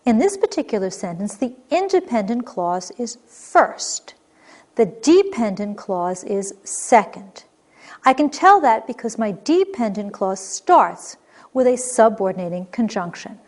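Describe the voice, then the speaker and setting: A woman teaching a recorded grammar lesson, explaining clearly and patiently. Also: a little high, sing-song, unhurried, darkish tone.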